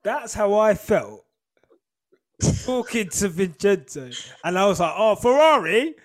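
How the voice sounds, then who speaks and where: Lively British man co-hosting a podcast. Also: sits high, slow. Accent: British English. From Britain. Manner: animated, laughing, mimics voices. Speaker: podcast co-host. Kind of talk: casual chat.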